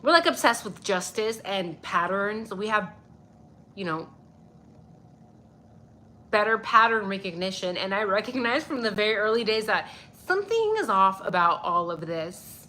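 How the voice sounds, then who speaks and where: A woman's voice: mid-range voice, expressive, moderate pace, bright, forceful tone, a little hiss or hum. Chatty stuffy-nosed young woman livestreamer. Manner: chatty, swears freely, greets viewers by name. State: a little stuffy. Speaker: livestream host. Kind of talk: casual livestream chat reading viewer comments.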